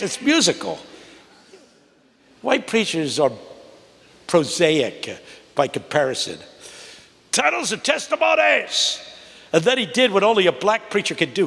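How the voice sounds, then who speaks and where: A man in his eighties preaching a sermon to a congregation, with a rhythmic cadence that climbs to high, emphatic peaks. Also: sing-song, normal speed, long pauses, a bit bright. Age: 80s. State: unwell. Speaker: guest preacher. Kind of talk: sermon with storytelling. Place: large church. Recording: long reverb of a large church.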